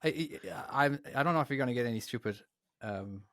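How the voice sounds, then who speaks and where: A man's voice: mid-range voice, fairly quick, fairly bright tone, no echo, clean studio sound. An Irish man co-hosting a podcast in casual chat, with hesitant restarts and self-deprecating remarks. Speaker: podcast co-host.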